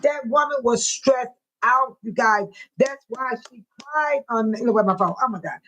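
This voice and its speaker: A woman's voice: on the high side, unhurried, a bit bright, poor audio. A woman hosting a casual livestream, chatting straight to her viewers and reading out their comments. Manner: chatty, talks straight to chat, reads viewer comments aloud. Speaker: livestream host.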